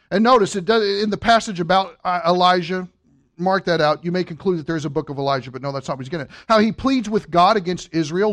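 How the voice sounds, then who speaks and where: A man's voice: high voice, lively intonation, quick pace, fairly bright tone. A man preaching a sermon, working through a scripture passage with rhetorical questions and humorous asides. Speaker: pastor.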